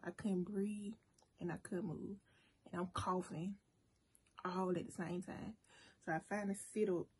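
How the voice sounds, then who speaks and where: A woman vlogger telling a story casually to her viewers, animated and talking straight to them. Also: mid-range voice, a little hiss or hum. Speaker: cooking and mukbang vlogger. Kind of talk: casual storytime while eating.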